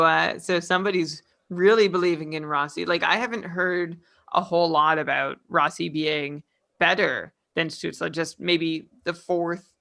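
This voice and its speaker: A man co-hosting a podcast in a casual chat, talking in a measured way and deflecting teasing. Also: a little high, creaky, bright, forceful tone.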